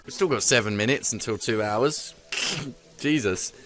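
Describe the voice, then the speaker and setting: A man's voice: mid-range voice, unhurried, fairly bright tone, faint music behind. A man chatting casually during a game session, rambling, swearing freely and laughing often. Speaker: gamer co-host. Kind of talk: casual chat while gaming.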